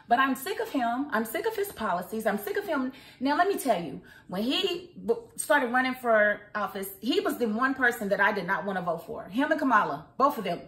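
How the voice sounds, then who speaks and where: A woman's voice: on the high side, fairly bright tone. Outspoken woman ranting in a roomy room. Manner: outspoken, ranting, asks rhetorical questions. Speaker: vlogger and commentator. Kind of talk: opinionated news commentary. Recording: roomy echo.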